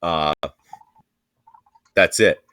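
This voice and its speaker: A man's voice: low voice, extremely slow, sharp tone, clean tone, no room sound. A man co-hosting a podcast, telling a rambling, profane story in casual chat and laughing often. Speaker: podcast co-host.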